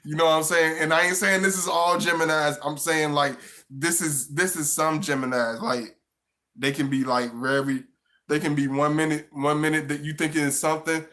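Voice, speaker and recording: Man, casual live-stream chat, rambling, repeats himself, bright tone. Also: medium pitch.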